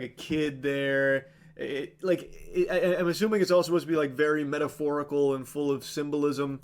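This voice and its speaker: A man's voice: on the high side, a little mellow. A man live-streaming a casual, sarcastic movie recap, rambling with lots of "like" and swearing freely. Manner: rambling with many fillers like "like".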